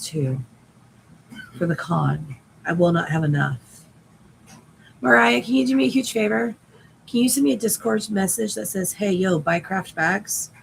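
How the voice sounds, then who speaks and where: A woman's voice: mid-range voice, gravelly, slight background noise, poor audio. A woman chatting casually on a live stream while sewing, rambling and swearing lightly, her voice cracking and giving out. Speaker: crafting livestreamer.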